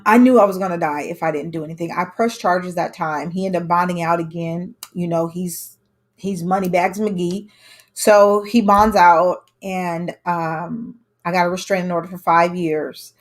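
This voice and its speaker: A woman's voice: lowish voice, fairly even intonation, a little slow. A young adult woman telling a personal story to camera in a candid, conversational way, acting out what others said. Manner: candid, conversational, with emphatic quoted dialogue. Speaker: vlogger telling her own story.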